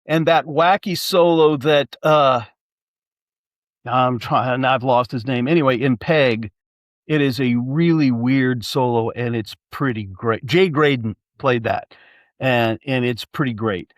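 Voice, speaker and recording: A man's voice: mid-range voice, takes it slowly, no echo, clean studio sound. A man in casual chat, rambling and hesitant as he works through his thoughts. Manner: rambling, hesitant, many fillers and restarts.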